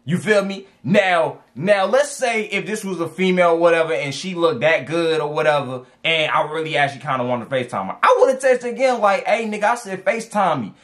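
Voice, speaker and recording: Brief: slangy male advice vlogger, higher-pitched, lively swings, repeats himself for punch. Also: a little fast, hardly any pauses. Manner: animated, slangy, repeats for emphasis. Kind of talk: casual reaction commentary.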